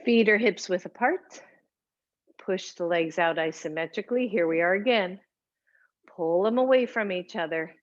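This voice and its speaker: A woman teaching a yoga class, cueing poses calmly while moving and a little out of breath. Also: on the low side, highs cut off. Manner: slow, calm cueing with breathy whoops of effort. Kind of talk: guided yoga class instruction.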